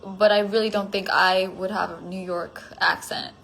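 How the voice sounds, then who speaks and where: A woman's voice: mid-range voice, fairly even intonation, measured pace, gravelly, fairly bright tone, low-quality recording. A woman chatting casually on a phone livestream, answering fan comments. She is giggly and self-conscious, with lots of "like" fillers.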